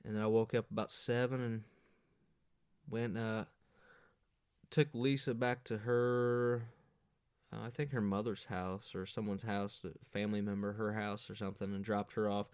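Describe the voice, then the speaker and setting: A man hosting a podcast, telling a profane, rambling party story in a casual monologue, jumping up in pitch when he quotes people. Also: normal speed, smooth, no echo, clean studio sound. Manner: crude, profane, rambling anecdotes with animated quoted voices. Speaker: podcast host.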